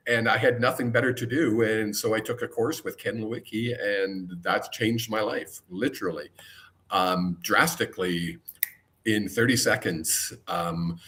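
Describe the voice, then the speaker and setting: A man hosting an interview, reflecting in a relaxed, conversational way with frequent pauses on "um" before asking his guest a question. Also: fairly low pitch. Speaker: host. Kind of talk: casual interview chat.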